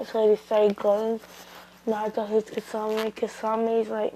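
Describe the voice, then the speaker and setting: A young woman casually retelling a fan story as a channel host, rambling and halting with many fillers and restarts. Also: a little high, completely flat delivery, dark tone, slight background noise, poor audio.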